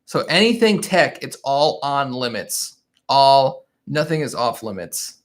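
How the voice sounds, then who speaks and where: A man's voice: mid-range voice, sing-song, unhurried. Chatty man hosting a casual livestream. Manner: chatty, laughs often, trails off and restarts. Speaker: livestream host. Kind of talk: casual live chat reading viewer comments. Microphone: desk microphone.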